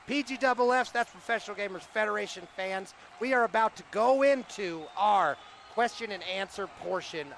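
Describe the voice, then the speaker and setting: A man hosting a comedic mock press conference who talks in an excitable, rallying announcer style. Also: high-pitched, gravelly, a little hiss or hum. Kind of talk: comedic live-stream emcee.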